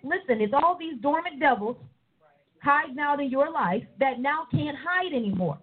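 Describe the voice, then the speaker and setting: A woman preaching a sermon with animated delivery. She slips into other people's voices to act them out. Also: sits high, moderate pace. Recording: tinny phone-like sound.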